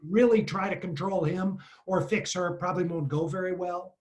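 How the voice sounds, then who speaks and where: A woman coach hosting a webinar on a video call, calm and validating, with a gently playful touch. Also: on the low side, fairly quick.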